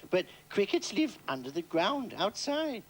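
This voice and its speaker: A woman's voice: medium pitch, very animated, a little slow. Woman doing a small curious puppet creature. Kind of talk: children's television puppet talk.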